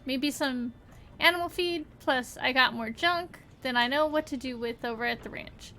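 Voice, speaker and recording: Brief: a woman acting as a scheming country rancher, put-on Southern drawl, bright and brassy. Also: sits high, normal speed. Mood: folksy. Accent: put-on rural Southern drawl. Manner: folksy, theatrical boasting. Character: scheming folksy male rancher, boastful.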